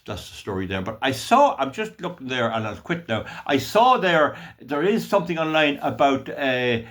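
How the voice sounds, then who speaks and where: A man's voice: mid-range voice, a bit bright. A man with a west of Ireland accent giving a blunt, scornful solo commentary on news articles for his channel. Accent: Irish, west of Ireland. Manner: blunt, scornful rant, mock-emotional jeering. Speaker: YouTube commentator.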